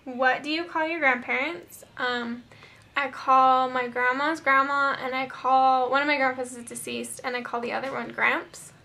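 A woman's voice: sits high, creaky, pushed and bright. A young woman chatting upbeat to her viewers in a casual vlog, reading out a word list. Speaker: beauty vlogger.

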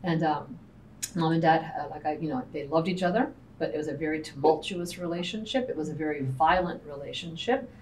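A woman's voice: low-pitched, brisk, a little mellow. A woman co-owner of a restaurant, sharing candid personal stories in a panel talk and acting out family dialogue. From United States. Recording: distant mic with faint background noise.

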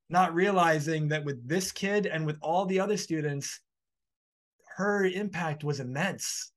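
A man's voice: fairly high pitch, measured pace. A man in a podcast conversation, telling a long heartfelt anecdote in an earnest, flowing way.

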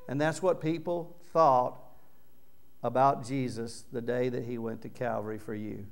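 Emphatic male preacher with a smooth voice. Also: medium pitch, steady tone, unhurried. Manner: earnest, emphatic preaching with loud swells on key words. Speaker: pastor. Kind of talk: sermon. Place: church sanctuary.

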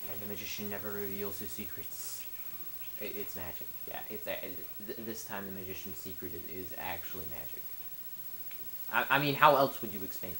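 A young man rambling goofily through a let's play, stammering and yelling at the game. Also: fairly low pitch, noisy background. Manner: goofy, rambling, stammers, yells at enemies. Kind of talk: casual gameplay commentary.

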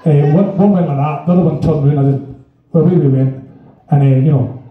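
A man's voice: on the high side, fast talker. A man telling a rambling, swearing anecdote on stage, laughing as he goes. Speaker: guest storyteller. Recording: echoey hall from far off, dull, crowd.

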